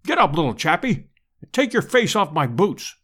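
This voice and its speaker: A man's voice: a little high, very animated, a bit bright, breathy edge, full character voice. A man doing a bluff, hearty aristocratic hunter. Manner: hearty, brisk, slangy.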